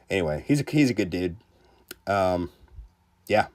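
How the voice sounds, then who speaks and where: A man's voice: lowish voice, expressive, moderate pace, long pauses, darkish tone. A man hosting a casual game livestream, reading viewer comments aloud in a laid-back, joking way with frequent restarts. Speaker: gaming livestreamer.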